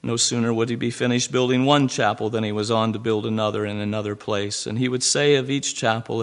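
A male preacher telling a story in a sermon, pausing now and then with "uh" fillers. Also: mid-range voice, steady tone, smooth.

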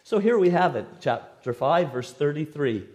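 A man preaching an expository sermon, verse by verse, with an emphatic delivery that swings between loud stresses and sudden quiet drops. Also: a little high, expressive, normal speed.

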